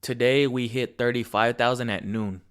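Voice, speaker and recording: A man's voice: mid-range voice, steady tone, normal speed, smooth. A man co-hosting a casual podcast chat, blunt and profane, talking about his grocery store job. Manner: blunt and profane, laid-back. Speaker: podcast co-host.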